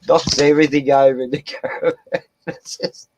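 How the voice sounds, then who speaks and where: A man's voice: on the high side, flat delivery, slow pace, long pauses, noisy background. A drunk man, rambling, swearing and laughing as he chats to his dogs on a live stream from inside a caravan. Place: small caravan indoors.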